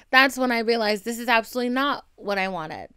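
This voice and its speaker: Young woman, podcast host, smooth clear tone, slightly high voice, dry close sound, casual profane venting. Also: lively intonation, normal speed, bright, forceful tone, dry recording. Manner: candid, chatty and profane, with many likes and asides.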